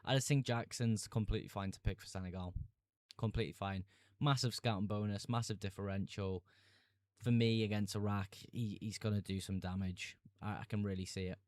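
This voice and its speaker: A young man chats on a live stream in a relaxed, easygoing way, reading out viewer comments and laughing as he goes. His voice sits fairly low and sounds smooth and clear. It comes across as close and dry, with no room sound. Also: a little fast, dry recording. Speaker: fantasy football streamer. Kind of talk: casual live-stream chat.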